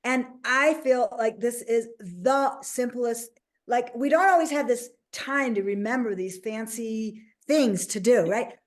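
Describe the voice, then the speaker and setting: A woman hosting a casual interview as a life coach, talking in an animated way and acting out little quoted voices. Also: a little high, a little slow.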